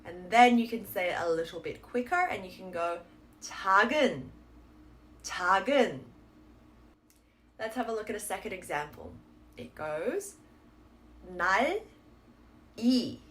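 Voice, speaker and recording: A woman teaching a pronunciation lesson, explaining patiently and sounding out model words slowly and clearly. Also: fairly low pitch, slight background noise. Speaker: Korean language teacher.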